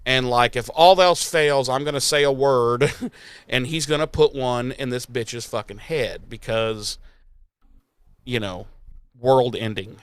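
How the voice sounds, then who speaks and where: A man's voice: medium pitch, measured pace, smooth, no room sound, clean studio sound. A man hosting a podcast, recapping an episode in a rambling, sarcastic and profane casual chat. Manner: rambling, sarcastic, swears freely. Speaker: podcast host.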